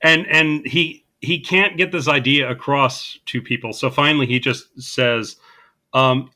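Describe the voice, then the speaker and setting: A man with a bright, forward voice co-hosts a casual movie podcast. He walks through the plot in an easygoing way and drops deadpan sarcastic asides. The tone stays conversational throughout. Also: mid-range voice, measured pace. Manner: dry sarcastic humor. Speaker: podcast co-host. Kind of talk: casual movie recap chat.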